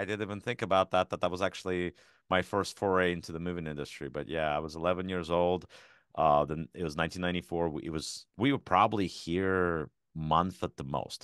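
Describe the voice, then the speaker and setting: A man's voice: low voice, a bit bright, clean tone, no room sound, studio quality. A man in his forties from Ukraine, a podcast guest telling stories in casual conversation, with frequent restarts. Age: 40s.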